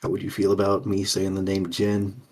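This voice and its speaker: A man playing a tabletop game, speaking in a calm, polite, lawyerly way. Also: deep voice, normal speed, slight background noise. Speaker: player.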